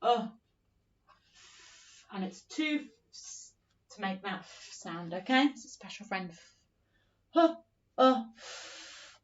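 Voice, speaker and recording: A woman teaching an early-years phonics lesson in a slow, sing-song, encouraging way, acting out story lines as she goes. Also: medium pitch, lively intonation, recorded from a distance, lo-fi sound.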